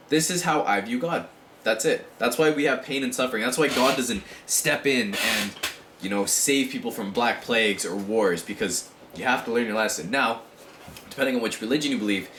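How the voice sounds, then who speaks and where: A man talking casually in a rambling vlog monologue, with many fillers and frequent throat clearing. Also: mid-range voice, a bit bright, echoey room, a little hiss or hum. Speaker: vlogger.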